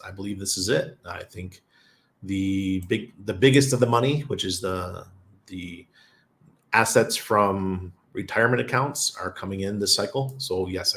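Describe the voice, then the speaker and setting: A man's voice: on the low side, gravelly, fairly bright tone. A man hosting a casual livestream, reading viewer comments and rambling with frequent chuckles and fillers. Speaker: crypto livestream host. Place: lives in Panama.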